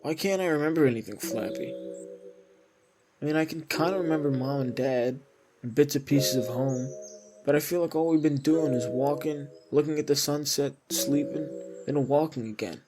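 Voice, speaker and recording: A man's voice: fairly high pitch, moderate pace, natural voice. A man voicing a young wandering swordsman in a cartoon, earnestly talking to his pet bird. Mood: wistful. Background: music.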